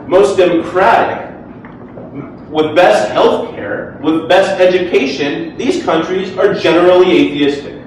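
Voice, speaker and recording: A man's voice: on the high side, a little slow, a little mellow, slight background noise. Earnest debating man in a roomy hall. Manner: earnest, conversational, with filler words. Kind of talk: formal debate speech. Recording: echoey hall, distant mic.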